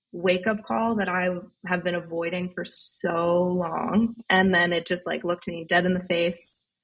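Low, gravelly-voiced woman guest. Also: a bit bright. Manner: open, reflective, laughs easily while talking. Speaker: podcast guest, therapist. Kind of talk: candid casual conversation.

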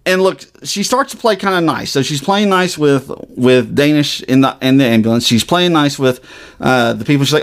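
A man's voice: a little high, animated, moderate pace, fairly bright tone. A man, co-hosting a podcast and casually recapping a TV episode in a rambling way, with many fillers and restarts. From Southern US. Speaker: podcast co-host.

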